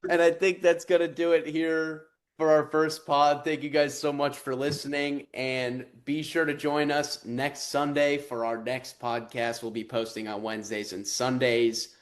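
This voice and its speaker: A man's voice: a little high, flat delivery, unhurried, hardly any pauses. Man hosting a betting podcast. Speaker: podcast host. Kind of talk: casual chat.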